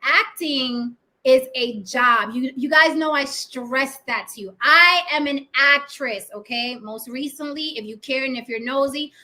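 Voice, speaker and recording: A woman's voice: sits high, unhurried, few pauses, bright, forceful tone. A woman actress hosting her own video channel, talking bluntly to camera, swearing freely and checking in with her viewers with "right?". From Puerto Rico. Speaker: vlog host and actress. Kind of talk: casual opinion monologue to camera.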